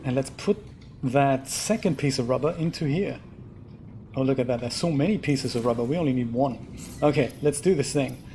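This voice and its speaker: A man hosting a live game stream, thinking out loud about what to craft and chatting back to his viewers as he plays. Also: medium pitch, moderate pace, a little hiss or hum. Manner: chatty, thinks aloud and answers viewer chat. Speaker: let's play host. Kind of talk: casual live gameplay commentary. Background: game music.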